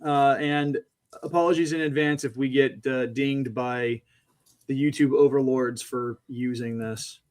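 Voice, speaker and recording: A man co-hosting a fan podcast in easygoing casual chat, filling pauses with uh and um. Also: medium pitch, fairly even intonation, a little mellow. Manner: easygoing, says dude, many uh fillers. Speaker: podcast co-host.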